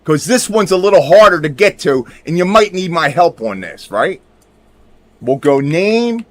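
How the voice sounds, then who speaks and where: This male video creator has a fairly high, very animated voice and speaks a little slowly. Showing his screen, he offers laid-back commentary, stressing his points, swearing at times, and repeatedly addressing his audience.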